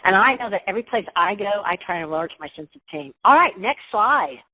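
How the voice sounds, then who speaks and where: A woman's voice: mid-range voice, expressive, fairly quick, sharp tone, husky, rough recording. A woman giving a motivational webinar talk over her computer, emphatic and upbeat, with exclamations. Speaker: webinar presenter.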